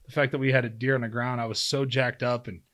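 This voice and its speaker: This ex-pro football player turned hunter, in his thirties, talks fast with a flat delivery and a mid-range, slightly bright voice. As a podcast guest he tells a story casually, voicing his own quotes with lots of fillers.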